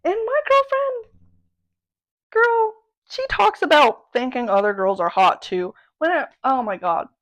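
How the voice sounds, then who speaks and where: Casting: woman, 20, podcast host, excitable and self-mocking, casual storytelling. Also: high voice, a little slow, highs cut off.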